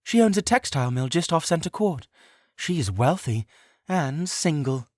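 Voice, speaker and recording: A man's voice: on the high side, sing-song, normal speed, no echo, studio quality, pitched above the performer's own voice. A man narrating an audiobook voices a playful young woman with a sing-song, teasing way of talking.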